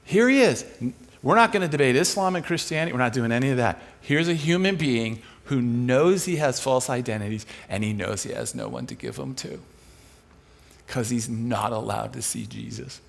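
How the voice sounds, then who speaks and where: A man's voice: medium pitch, sing-song, moderate pace, creaky. A man preaching a sermon in a large church, telling stories and acting out the dialogue in shifting voices. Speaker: guest preacher. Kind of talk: sermon storytelling.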